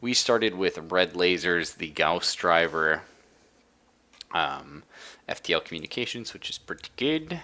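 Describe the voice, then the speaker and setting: A man's voice: deep voice, expressive, a little slow, sharp tone. A man streaming a strategy game live, chatting casually and enthusiastically as he explains the mechanics while he plays. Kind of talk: casual live gameplay commentary.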